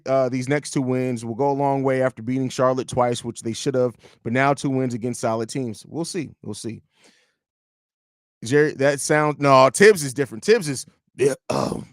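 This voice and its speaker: A man's voice: mid-range voice, animated, moderate pace, no echo, clean studio sound. A man hosting a live sports podcast, rambling and joking profanely while reading chat aloud. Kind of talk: casual live-stream chat.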